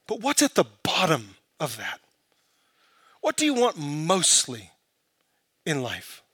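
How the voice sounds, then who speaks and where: A man preaching a sermon, building from quiet, searching questions to impassioned, emphatic peaks. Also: a little high, huge pitch swings, slow pace, slightly rough, no room sound. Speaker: pastor.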